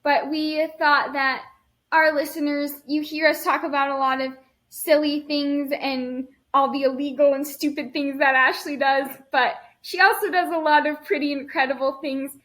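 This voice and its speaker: High bright chatty woman podcaster. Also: steady tone, moderate pace. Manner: chatty, teasing. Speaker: podcast host. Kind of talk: casual podcast chat.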